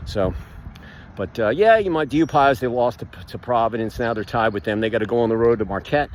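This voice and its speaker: A man talking casually while walking outside, rambling with lots of fillers and animated outbursts, recorded on a phone. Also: medium pitch, brisk, slight background noise. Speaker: vlogger, builder. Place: outdoors, walking past a pool.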